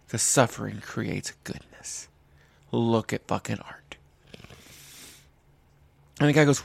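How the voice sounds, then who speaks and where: A man's voice: medium pitch, big pitch swings, fairly quick, creaky, long pauses, no echo. A young adult man telling a stand-up story, ranting with exasperated profanity. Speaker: comedian.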